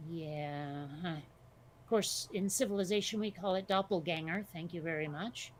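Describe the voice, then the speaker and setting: A woman's voice: fairly low pitch, moderate pace, slight background noise. A woman co-hosting a casual podcast chat, talking bluntly, swearing freely and telling stories with energy. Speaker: podcast co-host.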